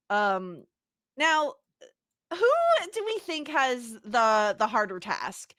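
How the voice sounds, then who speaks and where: A woman's voice: fairly high pitch, big pitch swings, slow pace, a bit bright, no echo, studio quality. A woman co-hosting a podcast, chatting about a film in a chatty, giggly way with sarcastic asides. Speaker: podcast co-host. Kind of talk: casual film discussion.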